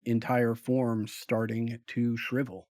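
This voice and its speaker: Man, game master, slow deliberate narration with fillers. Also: medium pitch, monotone, a little mellow, no echo, studio quality. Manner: unhurried, hesitant, many fillers.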